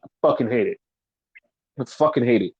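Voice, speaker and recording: Expressive and brisk, a male podcast host with a mid-range, darkish, slightly rough voice rants with anger in a casual chat. Swearing runs through everything he says, along with mocking sarcasm, all captured in dull lo-fi audio.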